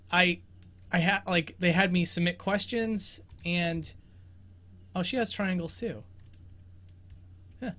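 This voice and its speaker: Bright, chatty young man hosting live. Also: high voice. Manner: rambling, self-deprecating, laughs often. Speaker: host of a game exploration show. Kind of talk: casual livestream Q&A commentary. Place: bedroom.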